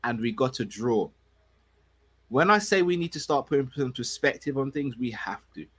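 Man, podcast co-host, laid-back slangy chat, steady measured football breakdown. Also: medium pitch, breathy edge. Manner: relaxed, slangy, measured analysis.

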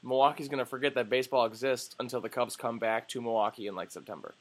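Animated young man telling sports stories. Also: medium pitch, fast talker. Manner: animated storyteller, swears, acts out quoted voices. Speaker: sports podcast co-host. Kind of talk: casual chat.

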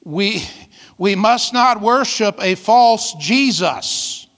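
Fiery high-voiced man preaching. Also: animated, very slow, a bit bright. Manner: emphatic, fiery preaching with call-outs to the congregation. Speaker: pastor. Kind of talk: sermon. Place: church hall. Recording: long reverb of a large hall.

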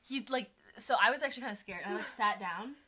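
A woman's voice: mid-range voice, quick pace, bright, forceful tone. A teenage girl casually telling a school story, giggly and full of "like," acting out what people said. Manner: giggly, lots of "like", acts out quotes. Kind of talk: casual chat.

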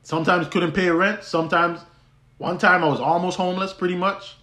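A man's voice: sits high, fairly even intonation, brisk, bright, forceful tone. Man storytelling in a roomy echo. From U.S. Virgin Islands. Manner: conversational, many restarts, laughs easily. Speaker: podcast host. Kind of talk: personal storytelling monologue.

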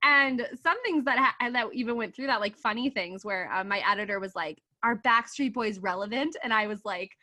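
A woman in her twenties from Canada, a coach and author talking as a podcast guest, animated, laughing often and swearing freely as she acts out her own quotes. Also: on the high side, brisk, hardly any pauses. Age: 20s. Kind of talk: casual podcast interview.

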